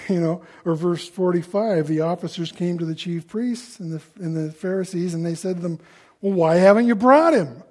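A man preaching a sermon in a conversational way, acting out the people he quotes in louder voices. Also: on the high side. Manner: conversational, acts out quoted voices with rising loudness.

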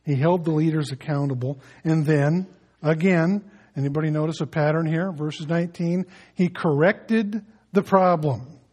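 A man preaching a sermon as a pastor, swinging between loud emphasis and soft, hushed appeals, with folksy asides and light humor. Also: a little high, moderate pace, husky.

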